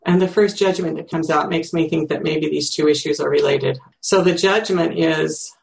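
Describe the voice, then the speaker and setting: A sixty-year-old teacher speaks in a creaky voice of middling pitch. The talk is slow and reflective, with pauses, as they think aloud and search for words. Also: fairly even intonation. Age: 60s. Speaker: teacher demonstrating self-empathy. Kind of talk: reflective spoken demonstration.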